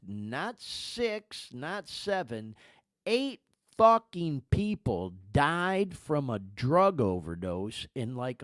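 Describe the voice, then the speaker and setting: A man's voice: medium pitch, a little mellow, no room sound. A man hosting a podcast in casual talk, emphatic and swearing, calling listeners "y'all". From California. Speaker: podcast host.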